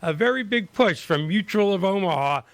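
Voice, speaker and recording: A man hosting a panel discussion, asking energetic, rapid-fire questions. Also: high voice, dry recording. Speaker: show host.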